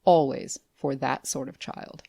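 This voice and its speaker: A woman's voice: extremely low pitch, fairly even intonation, a little slow, creaky, mellow, breathy edge, no echo, pitched below the performer's own voice, exaggerated voice. A woman voicing a courteous male magic shopkeeper in a storybook reading, with polite and mysterious speech.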